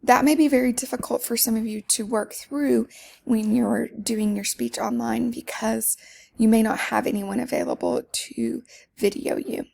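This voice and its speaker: A woman's voice: fairly high pitch, steady tone, moderate pace, creaky, warm tone. A woman teaching public speaking in a conversational lecture, with fillers and self-corrections. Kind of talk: lecture to students.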